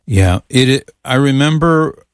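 A man's voice: medium pitch, animated, measured pace, no echo, clean studio sound. A man hosting a casual call-in radio show, friendly and joking with callers and his co-host.

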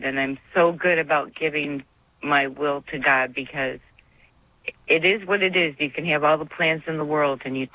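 A woman's voice: low-pitched, fairly even intonation, normal speed, no room sound. A woman calling in to a radio show, earnest and near tears as she speaks. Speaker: caller. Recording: tinny phone line.

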